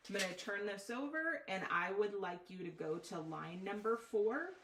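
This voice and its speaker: Woman, teacher, phonics lesson, deliberate, echoey room, distant mic. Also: mid-range voice, lively intonation. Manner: slow, deliberate, spells out letters. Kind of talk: phonics lesson, step-by-step instruction. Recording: echoey room from far off, faint noise.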